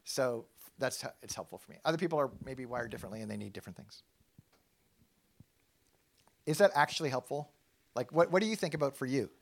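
Gravelly-voiced middle-aged man preaching casually. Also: mid-range voice, a little fast, long pauses. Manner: animated, self-deprecating, thinks aloud with restarts. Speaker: pastor. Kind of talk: casual sermon talk.

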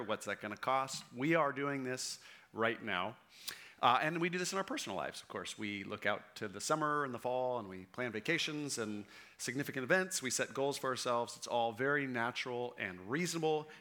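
A man's voice: mid-range voice, bright, forceful tone. A man giving a sermon as a pastor, talking in a conversational, emphatic way and checking in with "right?" and "okay?".

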